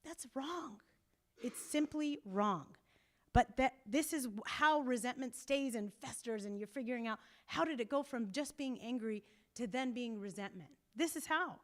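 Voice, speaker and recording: Woman therapist, talking to a group, lively and emphatic, slightly high voice. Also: moderate pace. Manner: animated and emphatic, laughs often, acts out quotes. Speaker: couples therapist leading a group talk. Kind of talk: casual talk to a group. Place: church meeting room.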